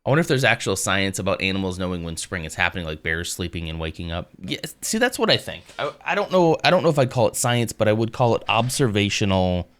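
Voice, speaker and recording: A man streaming live, reading aloud and chatting casually with his viewers in a relaxed, rambling way. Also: low voice, fast talker, hardly any pauses. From United States. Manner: relaxed and rambling, reads text aloud and answers chat.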